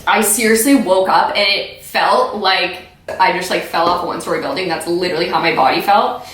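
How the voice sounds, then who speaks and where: A woman's voice: lowish voice, a little fast, fairly bright tone. A young American woman candidly reacting to her own old video, chatty and self-mocking. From United States. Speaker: vlogger. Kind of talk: casual reaction commentary. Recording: echoey room.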